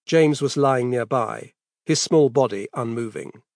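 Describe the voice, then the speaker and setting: A man narrating a scripted horror story in a steady, measured reading. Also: medium pitch, creaky, dry recording, studio quality.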